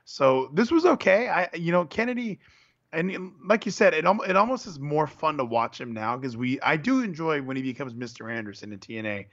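A man's voice: fairly high pitch, big pitch swings, fairly quick, a bit bright. A man co-hosting a casual wrestling chat as an earnest fan, reeling off facts and correcting himself. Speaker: podcast co-host. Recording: dull lo-fi sound.

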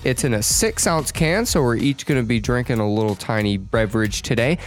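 A woman hosts a relaxed drink-tasting chat with an upbeat, easygoing delivery. Her voice sits remarkably low for a woman, and a faint bed of music plays behind her. She sounds at ease leading the group. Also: brisk, hardly any pauses. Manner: upbeat show intro. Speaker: host. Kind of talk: casual chat.

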